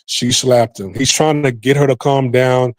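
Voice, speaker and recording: A man's voice: medium pitch, steady tone, a little slow, dry recording. A man hosting a podcast, giving rambling, profane casual commentary and repeating himself often. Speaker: podcast host.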